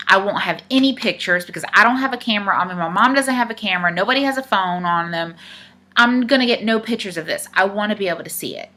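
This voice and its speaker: Young woman vlogger, bright voice, talks casually to camera and retells what people said. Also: mid-range voice, fast talker. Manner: chatty, retells dialogue with many "I said", "he's like".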